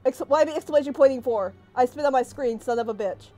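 A young woman with a fairly high voice talks through a scary chase game, gasping, pleading and swearing in bursts. Between frights she mutters to herself and jokes. Soft game music plays underneath. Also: fast talker. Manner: panicked, swearing, yelping at the chaser. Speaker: gaming streamer. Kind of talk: let's play commentary. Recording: faint game music behind.

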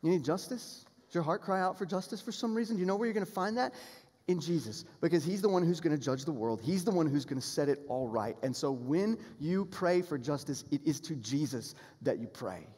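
A pastor preaching a sermon, earnest and emphatic, building toward appeals and repeating key phrases. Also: male voice, a little high, expressive, brisk, darkish tone, husky. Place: church sanctuary. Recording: long hall reverb in a church sanctuary.

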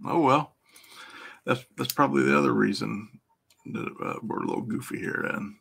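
A man's voice: mid-range voice, huge pitch swings, normal speed, gravelly, fairly bright tone, slightly rough. A middle-aged man with a Midwestern American accent hosting a casual live stream, greeting viewers by name, swearing freely and laughing often. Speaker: livestream host and EFI tuner.

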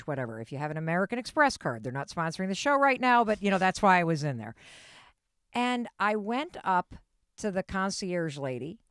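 A woman in her fifties hosting a podcast interview, telling a story in a lively way and asking pointed questions. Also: mid-range voice, smooth, dry recording, clean studio sound. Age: 50s. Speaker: podcast host. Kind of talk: conversational interview.

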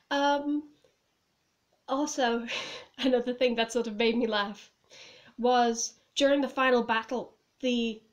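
High voiced woman rambling at her camera from home, giggly, says like a lot. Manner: rambling, giggly, lots of "like" and "I was just like". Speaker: vlogger reviewing a film. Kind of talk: casual chat to camera. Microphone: phone or camera on a table.

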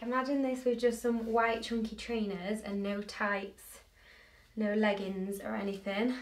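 Young woman vlogger, chatty and bubbly, slightly high voice, echoey room, mic set back. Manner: chatty, bubbly, hyped up on coffee. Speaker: fashion vlogger. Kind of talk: casual try-on haul chat. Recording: roomy echo, distant mic, faint noise.

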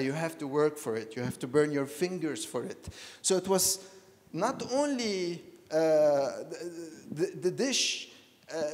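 A man from Lebanon telling a personal story at a panel talk, reflective and halting, often circling back to repeat a phrase. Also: a little high. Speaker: panel speaker. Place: lecture hall. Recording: long reverb of a lecture hall.

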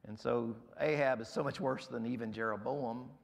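A man preaching a sermon as pastor in a church, emphatic and rising sharply on key words, his voice going hoarse. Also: medium pitch, steady tone, normal speed. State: losing his voice.

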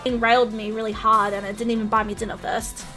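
A woman streaming games, excitable and playful, shrieking, swearing and putting on silly voices. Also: fairly high pitch, fast, over music. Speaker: VTuber streamer. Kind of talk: gaming stream reactions.

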